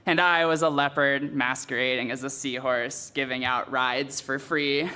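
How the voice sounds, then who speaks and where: A man's voice: medium pitch, steady tone, unhurried, sharp tone, smooth. A young man, a student poet, reading his poems aloud at a live reading after a candid, offhand introduction.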